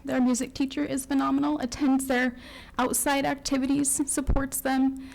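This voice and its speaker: A woman's voice: high-pitched, flat delivery, vocal fry, darkish tone, rough recording. Tearful mother at public comment. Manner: emotional, tearful, apologetic, halting with many ums. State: near tears. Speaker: parent speaking at school board meeting.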